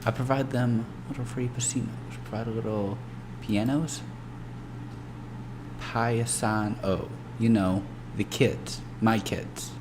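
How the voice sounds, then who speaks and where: A man's voice: on the low side, takes it slowly, background noise. A man voicing a thin, greasy, hostile male drug dealer in a game, talking crude and snarling. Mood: sly.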